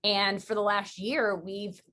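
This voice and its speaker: A woman from Western New York hosting a podcast, chatting casually and telling stories with quick, rambling asides. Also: medium pitch, flat delivery, pushed and bright. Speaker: podcast host. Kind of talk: casual interview chat.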